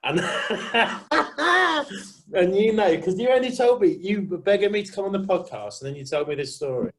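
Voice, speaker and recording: A man's voice: high-pitched, lively intonation, moderate pace, a bit bright, poor audio. A man with an English Midlands accent hosting a podcast, asking questions in a teasing, amused way. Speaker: podcast host. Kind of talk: casual interview chat.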